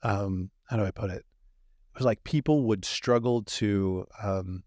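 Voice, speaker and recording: A man on a podcast as a guest, explaining his ideas in an animated way and acting out little quoted exchanges. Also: lowish voice, a little slow, no room sound, studio quality. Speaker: dream manager guest. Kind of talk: podcast conversation.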